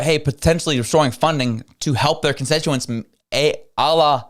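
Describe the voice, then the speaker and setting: A man hosting political commentary, reacting to a played clip with incredulous, emphatic talk and repeated words for stress. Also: on the high side.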